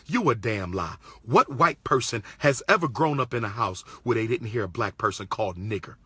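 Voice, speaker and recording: Pennsylvania guy ranting on camera, husky voice, keeps repeating himself. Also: medium pitch, animated, normal speed, hardly any pauses, bright, forceful tone, no room sound. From Pennsylvania, USA. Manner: indignant, repeats lines, fires rhetorical questions. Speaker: commentator. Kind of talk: impassioned monologue.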